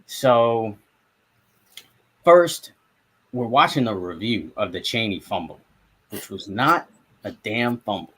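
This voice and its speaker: A man's voice: on the low side, expressive, slow pace, pauses often, fairly bright tone, husky. A young man from South Florida, a sports podcast co-host and reporter, telling a story in casual sports talk. He acts out his own reactions and swears freely.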